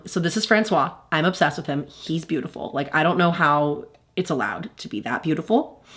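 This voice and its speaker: A woman's voice: on the low side, fairly bright tone. Gushing woman livestream host. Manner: gushing, effusive. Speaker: pop culture livestream host. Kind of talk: casual chat.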